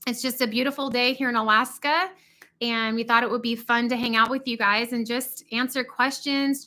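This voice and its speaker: Bright, upbeat woman chatting on a livestream. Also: a little high. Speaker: livestream host. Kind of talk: casual livestream chat. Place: indoors in a cabin. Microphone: not her usual podcast microphone.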